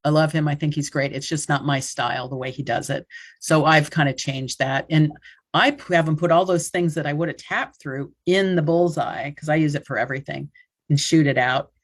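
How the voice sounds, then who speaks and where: A woman's voice: low-pitched, moderate pace. Woman, 60s, hypnotherapist; casual online workshop teacher, acts out client lines, heard over a video call. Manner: chatty, acts out client quotes with gestures.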